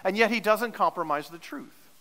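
A man's voice: high-pitched, normal speed, sharp tone, big-room sound, rough recording. A male pastor preaching a sermon in an earnest, teacherly way, leaning hard on repeated words for emphasis.

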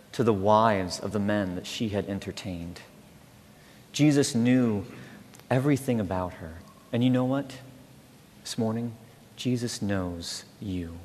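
A man preaching a sermon as pastor, rising loud on key words and falling to a slow, soft hush. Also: on the low side. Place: church. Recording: long hall reverb, faint room noise.

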